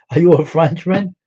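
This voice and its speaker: A man's voice: fairly high pitch, warm tone, slightly rough. A man hosting a casual live stream, chatting with viewers by name and asking them questions. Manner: chatty, greets and quizzes chat viewers by name. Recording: dull lo-fi sound.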